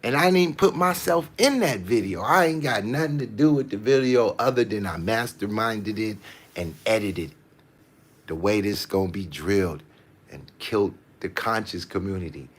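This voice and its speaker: A man's voice: fairly low pitch, lively intonation, moderate pace. Swaggering, profane man on a live rant. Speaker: channel host. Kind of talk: casual live-stream rant. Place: indoor building with parked cars.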